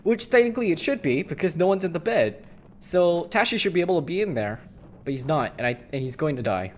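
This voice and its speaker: A man's voice: on the high side, lively intonation, fast talker, slight background noise. A man giving gameplay commentary, thinking aloud and fretting over his choices. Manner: thinking aloud, worried and exclaiming. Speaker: gaming YouTuber.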